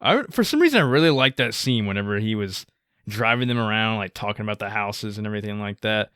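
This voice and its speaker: A man's voice: on the low side, animated, fast, fairly bright tone, smooth, dry recording, clean studio sound. A man co-hosting a podcast in an easygoing casual chat, laughing along. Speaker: podcast co-host.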